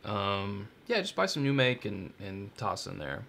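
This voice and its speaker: A man's voice: fairly low pitch, sing-song, a little slow, vocal fry, fairly bright tone, slight background noise. A man co-hosting a live whiskey stream, talking casually in a laid-back, rambling, jokey way. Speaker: co-host.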